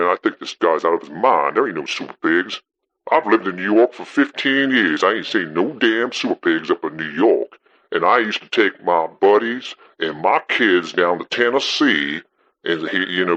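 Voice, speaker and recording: A man's voice: low-pitched, lively intonation, normal speed, pushed and bright. A man playing a skeptical radio caller who dismisses the farmer bluntly and swears casually. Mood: scoffing. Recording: dull, muffled audio.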